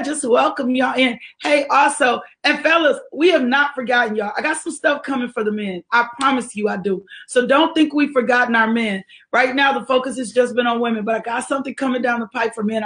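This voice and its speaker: A woman hosts a livestreamed morning devotional for her ministry. She speaks in a lively, exhortative way and greets viewers by name. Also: a little high. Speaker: ministry leader hosting a devotional.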